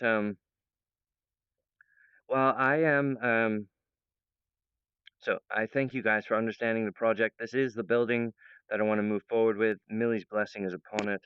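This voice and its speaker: A man speaks to his audience in a wandering, earnest monologue, full of fillers and restarts. His voice is smooth and resonant at an ordinary pitch. The recording is dry and somewhat dull. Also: dry recording. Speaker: presenter of his own project. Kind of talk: rambling monologue to viewers.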